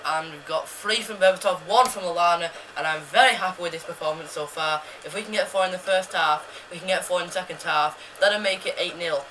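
A young man commentating on his own football video game match, rambling casually and bursting into yells and chants at goals. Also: sits high, brisk, few pauses, a little hiss or hum. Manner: excitable, yells and sings at goals. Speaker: gaming YouTuber. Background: loud background music.

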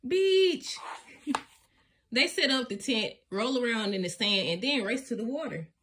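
A woman reading a children's storybook aloud in an expressive, sing-song way, often laughing along. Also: a little high, a little fast, breathy edge. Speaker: storybook reader.

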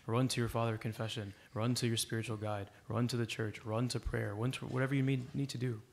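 A man's voice: mid-range voice, little pitch movement, fast talker, creaky, a little hiss or hum. Earnest man preaching a sermon. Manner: earnest, exhorting, storytelling. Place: church.

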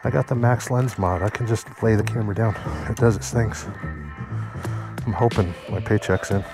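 Over loud music, a man with a fairly low, gravelly voice keeps a steady tone at normal speed. The motorcycle vlogger rides through town and later goes indoors, offering rambling, playful narration and calling his viewers kids.

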